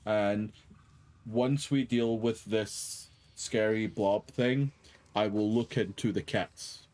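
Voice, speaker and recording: A man's voice: fairly low pitch, steady tone, slow pace, darkish tone. A man playing a tabletop game, speaking hesitantly and politely in character. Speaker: player. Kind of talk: tabletop role-play.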